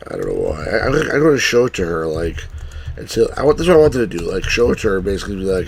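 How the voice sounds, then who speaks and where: A man's voice: lowish voice, expressive, fast, vocal fry, breathy edge. A man streaming a text adventure, talking hesitantly and grumbling about the puzzles. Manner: hesitant, many fillers and restarts, frustrated at the game. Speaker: streamer playing the game. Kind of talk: casual let's play commentary.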